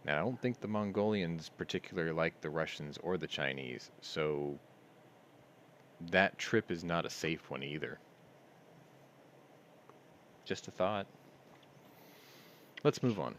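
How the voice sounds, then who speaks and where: A man with a deep, low-pitched voice hosts a casual news stream from home. He reads out headlines, then breaks off into sardonic, offhand commentary. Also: a little slow, pauses often, a bit bright, a little hiss or hum.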